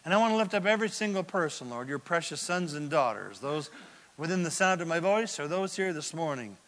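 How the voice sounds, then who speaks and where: A man preaching with a high, bright, ringing voice. He swings from loud cries to hushed near-whispers as he makes his points. His words echo with the long reverb of a large hall. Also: expressive, fairly quick. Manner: dramatic, swings from loud bursts to hushed asides. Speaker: pastor. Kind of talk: sermon.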